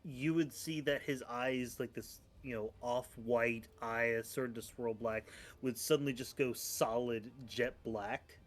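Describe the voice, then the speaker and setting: Man player, mid-pitched, halting, stops and restarts as he describes. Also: fairly even intonation. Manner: halting, descriptive, many fillers. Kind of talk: playing a tabletop game online.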